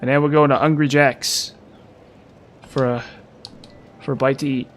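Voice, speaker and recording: A man's voice: mid-range voice, level tone, normal speed, a little hiss or hum, natural voice. A man putting on a goofy, easygoing Australian bloke with a mock Australian accent. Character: laid-back male Australian bloke out with his mates.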